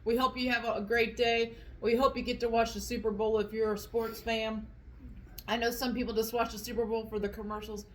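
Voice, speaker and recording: On a rough recording, a woman with a fairly high, flat voice talks fairly quickly. She's a vlog host eating at home, chatting casually and rambling with fillers at her dinner table.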